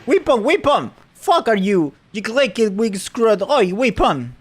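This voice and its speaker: A man voicing a rough working-class woman who shouts in a loud, slangy way. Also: high voice, big pitch swings, unhurried, pitched above the performer's own voice, full character voice. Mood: shouting.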